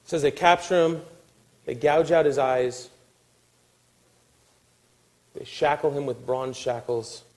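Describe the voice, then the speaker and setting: A man preaching a sermon, telling a story with acted-out quotes and dropping to a hushed, weary tone. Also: medium pitch, slow pace, pauses often, rough recording. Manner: animated storytelling, acting out quotes, dropping to a soft hush. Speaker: pastor.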